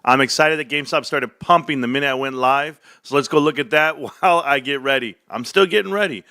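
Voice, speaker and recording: A young adult man from the United States, hosting a casual livestream rant, swinging from low mumbles to loud outbursts. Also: brisk, no echo, clean studio sound. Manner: animated, swings from mumbling to near shouting. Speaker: livestream host.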